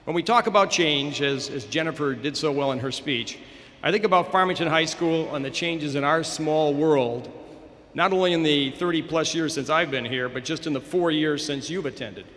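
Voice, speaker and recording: A man in his fifties delivers a formal graduation speech in a bright, forceful voice that sits a little high. He speaks in a measured, encouraging way at the podium, and his words ring out with a long echo through a large ceremony hall. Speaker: school administrator giving a graduation address. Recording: echoey hall over a public address system.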